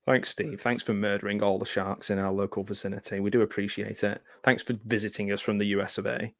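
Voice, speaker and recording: A man's voice: lowish voice, flat delivery, fast, fairly bright tone, dry recording, studio quality. A man giving casual, sardonic live commentary over a movie, with lots of filler ums and wry asides. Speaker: film commentary host. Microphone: close mic in front of a green screen.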